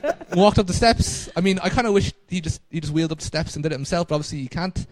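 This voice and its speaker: A man's voice: a little high, fast talker, a loud crowd. A man, co-hosting a podcast and telling rambling, self-mocking stories. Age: 20s. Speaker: podcast co-host. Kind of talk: casual chat.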